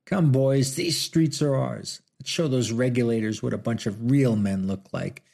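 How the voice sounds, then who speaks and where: Brief: menacing saloon stranger, voiced by a male narrator, gravelly, barking. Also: medium pitch, measured pace, a little mellow. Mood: roaring. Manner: barking, roaring, crooked grin. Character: rowdy menacing stranger, grown man, boastful.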